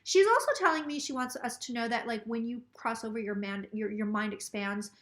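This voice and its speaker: Talking fairly quickly in a slightly high voice, this tipsy psychic rambles on a casual live stream, cursing freely as she passes along and quotes aloud what a spirit is saying.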